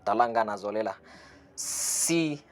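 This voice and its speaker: A man giving an online language lesson, saying phrases slowly, repeating them and translating each one, with a chuckle now and then. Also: lowish voice, lively intonation. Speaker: language teacher.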